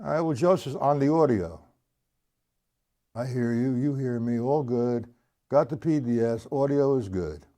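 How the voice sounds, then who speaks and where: A man teaching drums on a live stream, counting rhythms slowly aloud and chatting with his viewers. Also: mid-range voice, warm tone. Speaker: drum teacher. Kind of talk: live-streamed drum lesson. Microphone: single mic, sometimes hidden by his shirt.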